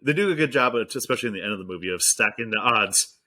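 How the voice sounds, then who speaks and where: A man's voice: fairly low pitch, expressive, very fast, pushed and bright. A man co-hosting a film podcast, enthusiastic and agreeable in casual chat. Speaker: podcast co-host.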